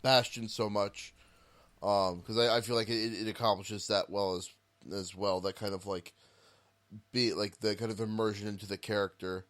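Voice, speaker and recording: Casting: young male podcast co-host, relaxed and agreeable, halting casual speech. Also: lowish voice. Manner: easygoing, hesitant, agreeable. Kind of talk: casual chat about games.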